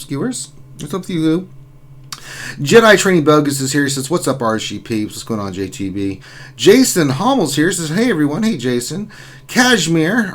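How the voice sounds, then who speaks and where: Upbeat host on a gaming stream. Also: male voice, medium pitch. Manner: upbeat, chatty, reads chat messages aloud. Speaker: livestream host. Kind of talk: casual gaming livestream chat.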